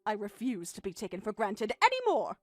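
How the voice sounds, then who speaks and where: A woman's voice: medium pitch, wildly swooping pitch, a little fast, a little mellow, no echo, clean studio sound. Synthetic female voice as a bitter, wounded mother. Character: hurt, bitter middle-aged mother and wife. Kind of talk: text-message story narration.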